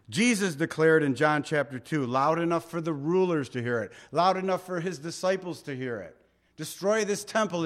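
A man preaching a conversational sermon, acting out scenes with jokes and asides. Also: a little high.

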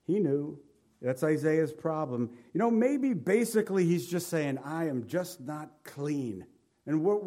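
A man's voice: fairly high pitch, warm tone. A man preaching a sermon to his congregation. He reads scripture in old-fashioned wording and breaks into casual, emphatic asides. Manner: emphatic preaching with King James scripture readings. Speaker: pastor.

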